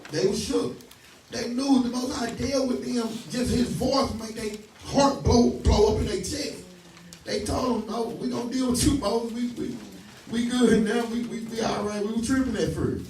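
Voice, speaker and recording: A high-voiced man preaching with emphatic call-and-response, stopping his reader again and again to repeat and question the scripture. He slips into folksy, laughing stories. The voice sits back from the mic in a roomy, echoey space with faint noise underneath. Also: a little mellow, far from the mic. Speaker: teacher leading a scripture study.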